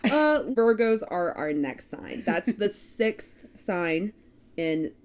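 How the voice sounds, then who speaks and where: A woman's voice: fairly low pitch, takes it slowly, clean tone. Texan woman reading zodiac traits. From Texas. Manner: reads list of traits in a steady cadence, laughs at herself. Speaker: podcast co-host. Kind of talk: casual chat.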